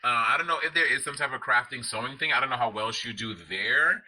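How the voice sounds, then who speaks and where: A man's voice: medium pitch, fast, pushed and bright. A man co-hosting a casual chat, telling stories bluntly with lots of swearing. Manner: blunt, profane storytelling. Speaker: podcast co-host.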